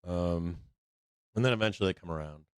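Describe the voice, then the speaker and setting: This livestream trading host has a low, smooth voice and a fairly quick pace, recorded without room sound. He chats casually and aimlessly, cursing, leaning on fillers, and mockingly quoting other traders.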